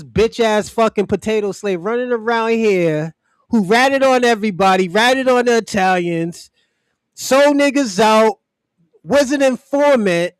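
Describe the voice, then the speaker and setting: A livestream host launches into a loose, profane, mocking rant, frequently breaking into laughter. His voice is high for a man and sounds close and dry, with no room around it.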